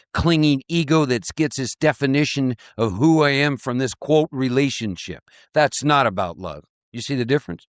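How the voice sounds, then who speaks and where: A man leading a live recovery workshop, talking in an animated, repetitive way and laughing often. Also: mid-range voice, dry recording, studio quality.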